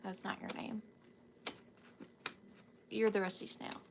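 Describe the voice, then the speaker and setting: Woman, Southern US accent, sleepy, slow drawling pace, friendly live-stream host chatter. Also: medium pitch, flat delivery, gravelly, slight background noise. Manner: chatty, greets viewers by name, drifts into whispers. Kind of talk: casual live-stream chat.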